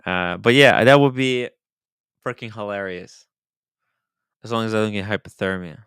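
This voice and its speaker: Bright, clear-voiced male show host. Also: lowish voice, normal speed, dry recording, studio quality. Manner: animated, laughs often, trails off into mumbles. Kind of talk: casual livestream chat.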